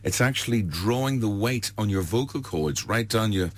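A man playing a brisk, confident male doctor in a joke. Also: fairly low pitch, expressive. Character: matter-of-fact male doctor.

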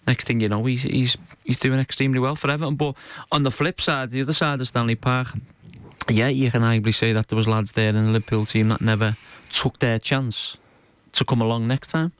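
A man, a footballer joining a radio sports chat, talking fast and plainly. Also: mid-range voice, fairly even intonation, clean tone, no echo. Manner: fast, chatty, plain-spoken. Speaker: professional footballer and pundit. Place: radio studio.

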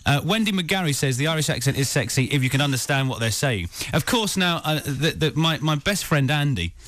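Young male breakfast radio host, lively and chatty, fairly high voice. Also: fairly quick. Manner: chatty, reads listener texts aloud, laughs often. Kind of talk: casual radio banter.

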